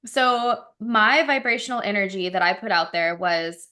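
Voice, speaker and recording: A woman co-hosts a casual podcast and tells stories in a chatty, easygoing way. Her speech is full of "like" fillers. Her voice is bright and clear, and her pitch sits in the middle range. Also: moderate pace, hardly any pauses. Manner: chatty storytelling with frequent "like" fillers. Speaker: podcast co-host.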